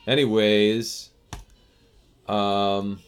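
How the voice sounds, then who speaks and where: Chatty low-voiced man on a live stream. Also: little pitch movement, drawn-out words, smooth. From United States. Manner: chatty, reads viewer comments and answers them, loose with restarts. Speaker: software developer streaming live. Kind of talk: casual live-stream chat. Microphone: desk microphone.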